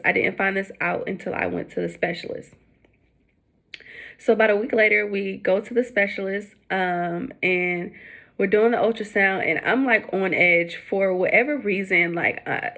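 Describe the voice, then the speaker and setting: A young woman vlogging her story in a casual, rambling way, full of "um" and "like". Her voice carries a gravelly, creaky edge at mid pitch, and she leaps up high whenever she mimics someone else. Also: normal speed, fairly bright tone. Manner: chatty, many fillers, acts out quotes with high voice.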